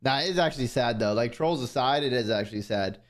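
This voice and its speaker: A man's voice: mid-range voice, fast. A young man chatting casually on his stream in a laid-back way, trailing off into fillers.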